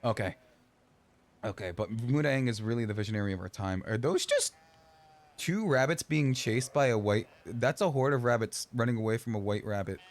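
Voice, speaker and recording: A man's voice: mid-range voice, lively intonation, normal speed. A man streaming a video game, rambling and joking as he plays and talking back to the characters on screen. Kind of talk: casual gameplay commentary.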